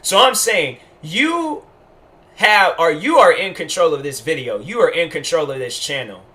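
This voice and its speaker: A man talks through a casual commentary monologue with a fairly high, bright and forceful voice. He rambles, piles on fillers and restarts himself mid-thought, then drives his points home with emphasis. It sounds like an unscripted vlog rant. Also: lively intonation, moderate pace. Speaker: YouTube commentator.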